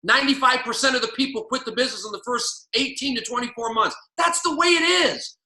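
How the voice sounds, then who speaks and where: A man's voice: extremely high pitch, a little fast, sharp tone, roomy sound. A man coaching on a call, emphatic and preachy, driving his points home by repeating key lines. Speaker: network marketing coach.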